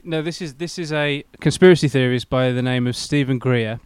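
Guy chatting on a podcast, laid-back, smooth voice, dead dry room. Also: medium pitch, fairly quick, no echo. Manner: laid-back, storytelling about theories. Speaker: podcast co-host. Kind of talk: casual chat.

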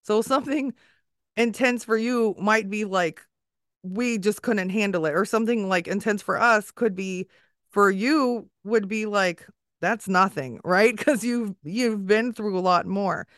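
A woman's voice: medium pitch, measured pace, fairly bright tone, no echo, clean studio sound. A woman hosting a podcast interview, talking in a rambling, emotional way with many fillers while holding back tears. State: tearful. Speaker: podcast host. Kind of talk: casual conversation.

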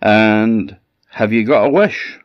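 A man with a Scottish accent voicing a kindly female fairy who coaxes gently. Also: lowish voice, slow pace, no room sound, highs cut off, voice pushed up. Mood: coaxing.

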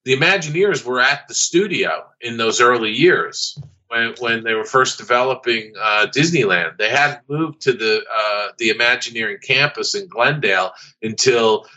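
A man, a guest on an interview podcast, telling stories from his career in a halting way, with many fillers and restarts. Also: mid-range voice, bright, forceful tone. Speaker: guest, former studio artist. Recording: dull lo-fi audio.

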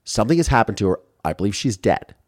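A man in his forties from Ohio, telling his life story in an interview in an animated way, acting out quotes and restarting often. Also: fairly low pitch, fast, dry recording, clean studio sound. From Ohio, USA.

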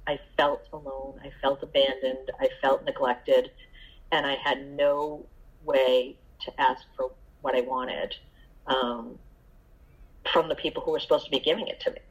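A middle-aged woman giving a candid, halting personal share at a recovery meeting, with many fillers and restarts. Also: extremely low pitch, slightly rough, muffled recording.

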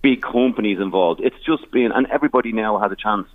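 A man's voice: fairly low pitch, fast, no room sound. An Irish man, a charity founder, telling stories in a radio interview with many restarts and some emotion. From Ireland. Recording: tinny phone line.

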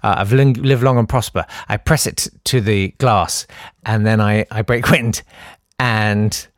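A man's voice: on the low side, steady tone, a little slow, no echo, studio quality. A man hosting a comedy radio show, rambling and self-mocking, hesitant with many uhs. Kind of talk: rambling comic chat.

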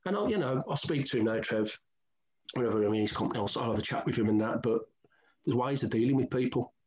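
A man's voice: mid-range voice, fast. Brummie guy in his middle years spinning footy yarns, acts out who said what, kinda dull lo-fi sound. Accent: Birmingham. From England. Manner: animated, acts out old conversations, colloquial. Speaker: former footballer, interview guest. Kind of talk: candid storytelling interview.

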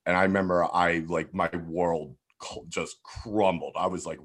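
Deep-voiced man telling stories. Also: steady tone, moderate pace, fairly bright tone. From Philadelphia, USA. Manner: rambling, heavy swearing, lots of "like" and restarts. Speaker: guest. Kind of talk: casual storytelling in a podcast interview.

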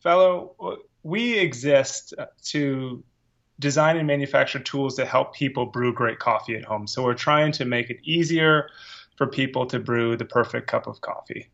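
A man's voice: mid-range voice, moderate pace, creaky, a bit bright, muffled recording. A man being interviewed as a founder on a podcast, casual, with frequent fillers and restarts. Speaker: guest, company founder.

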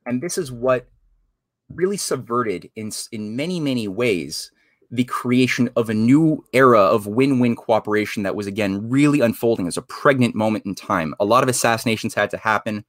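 A man's voice: medium pitch, lively intonation, normal speed, dry recording, clean studio sound. A man from Canada, a guest in a casual interview, explaining at length in an earnest, winding way.

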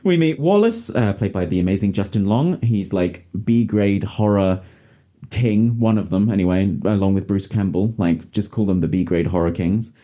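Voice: deep voice, normal speed, warm tone, highs cut off. A podcast host in casual chat, chatty and sarcastic, often laughing.

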